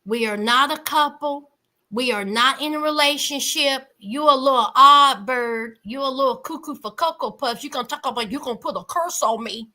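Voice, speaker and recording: A woman voicing a blunt young man who flatly brushes off a date and keeps repeating himself. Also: sits high, moderate pace, voice pushed down. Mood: dismissive.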